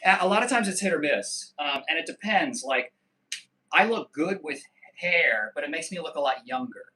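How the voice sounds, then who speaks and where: Bright-voiced joking male streamer. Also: a little high, animated. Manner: loose, joking and profane, with quick asides. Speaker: livestream host. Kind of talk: casual live-stream chat, reading viewer comments.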